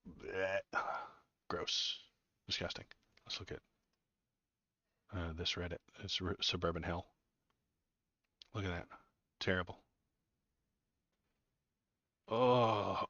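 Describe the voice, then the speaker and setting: A low-voiced man hosting a casual livestream, ranting with sarcastic disgust and joking with his chat. His voice is dry and close, with no room sound. The audio is a bit dull and muffled. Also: fairly even intonation, slow pace, long pauses, bright, forceful tone, husky, no room sound. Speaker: political livestream host.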